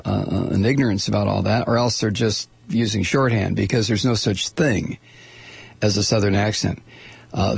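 A man's voice: lowish voice, creaky, breathy edge, no room sound. An older man hosting a talk radio show, rambling through his monologue with many restarts and repeated words. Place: radio studio.

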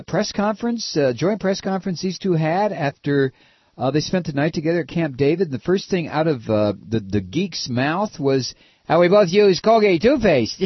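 A sarcastic American man hosts a political talk radio show, his voice slightly raised and lively in pitch. He mocks and rants, jumping from shouts to muttered asides. The sound is dry and dull, like a lo-fi broadcast. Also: husky, no room sound. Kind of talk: opinionated talk radio monologue.

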